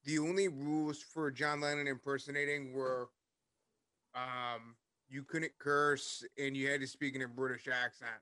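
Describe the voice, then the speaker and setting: Bright-voiced man telling stories. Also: medium pitch, little pitch movement, normal speed, no room sound. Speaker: podcast co-host. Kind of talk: casual chat, storytelling.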